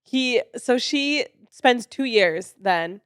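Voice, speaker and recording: A woman's voice: a little high, slow pace, clear, resonant tone, no room sound, studio quality. Chatty American woman podcast co-host. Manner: relaxed, chatty, lots of fillers and agreement. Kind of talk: casual chat.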